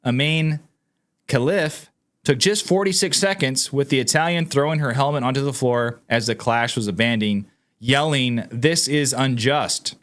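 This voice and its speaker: A man's voice: medium pitch, moderate pace, fairly bright tone. A man hosting his own commentary channel. He talks casually and emphatically to viewers, reads news items aloud and sounds incredulous. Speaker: political commentary channel host.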